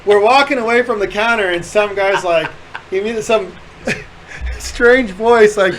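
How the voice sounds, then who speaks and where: A man with a notably high voice hosts a casual podcast, telling a rowdy story with lots of swearing and laughter. His delivery is animated and loose, like chatting with friends. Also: measured pace, slight background noise, low-quality recording. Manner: animated, profane storyteller who laughs through the punchlines. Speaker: podcast host.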